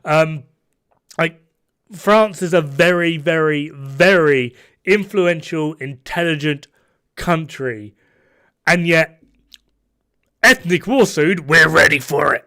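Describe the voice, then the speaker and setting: A young half-Norwegian gamer streams and reacts to chat, talking casually and ramblingly with lots of swearing and frequent restarted sentences. His voice is fairly high, bright and forceful, and he speaks slowly, pausing often.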